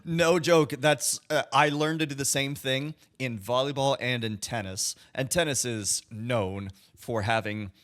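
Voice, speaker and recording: A man co-hosting a podcast in casual chat, explaining his views in a measured way. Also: medium pitch, a bit bright. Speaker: podcast co-host.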